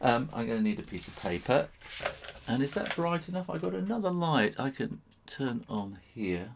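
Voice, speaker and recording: A man's voice: medium pitch, sing-song, normal speed, gravelly, background noise. Casting: middle-aged man, live-stream host, rambling and chuckling, voice rises and falls a lot. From England. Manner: chatty, chuckling, rambling asides. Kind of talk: casual live-stream chat.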